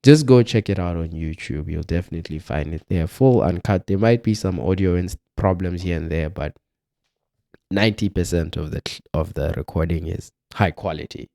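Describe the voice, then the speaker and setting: Chill young guy hosting a podcast, lowish voice, easygoing. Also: moderate pace, vocal fry. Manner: relaxed, easygoing, fills gaps with um and like. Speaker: podcast host. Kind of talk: casual chat.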